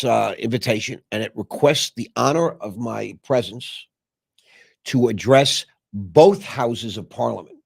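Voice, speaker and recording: A man with a gravelly voice tells a personal story in a casual, meandering way, often stopping on filler sounds. His pitch sits mid-range, and the recording is close and dry. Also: no echo. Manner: rambling, with many filler pauses. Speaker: show host.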